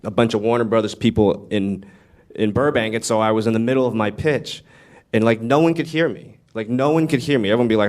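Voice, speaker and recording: A lower-voiced man telling an animated, profane story at a live Q&A. He acts out what others said and laughs along as he goes. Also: fairly quick. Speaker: screenwriter guest. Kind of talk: casual anecdotal storytelling. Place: live Q&A event.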